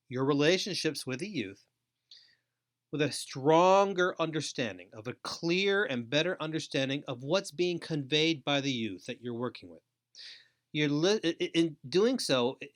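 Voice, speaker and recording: A middle-aged man hosting a training webinar, speaking in a deliberate, emphatic way with frequent pauses. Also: on the high side, a bit bright. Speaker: host and trainer.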